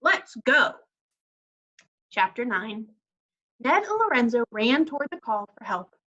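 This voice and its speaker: A woman teacher reading a children's story aloud in a clear, expressive way. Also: fairly high pitch, moderate pace. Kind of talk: children's read-aloud narration. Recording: dull lo-fi recording.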